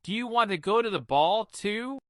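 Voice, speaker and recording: A man doing a brisk old fairy godmother. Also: high voice, lively intonation, fairly bright tone, no room sound, studio quality, pitched above the performer's own voice. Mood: kindly. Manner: brisk, commanding. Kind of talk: storybook reading.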